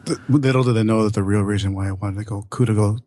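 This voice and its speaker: A man in his late thirties, hoarse and hungover, co-hosting a casual gaming podcast with self-mocking rambling. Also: lowish voice, steady tone, fast, dark tone, no room sound, studio quality. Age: late 30s. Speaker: podcast co-host.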